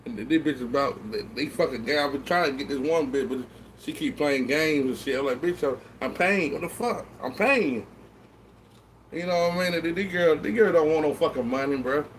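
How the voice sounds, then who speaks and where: A man with a notably high speaking voice chats loosely to his viewers while tipsy. He rambles, trips over repeated words, and swears freely. A faint background hum sits under his talk. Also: quick pace. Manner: rambling, stammering restarts, heavy swearing. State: tipsy from drinking. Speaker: vlogger. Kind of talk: casual live-stream chat to viewers.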